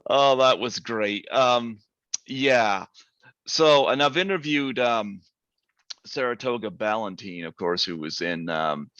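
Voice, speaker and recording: A man hosting a casual interview, chatty and quick to laugh, with lots of fillers. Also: medium pitch, a bit bright, no echo. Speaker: podcast host. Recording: dull lo-fi dry sound.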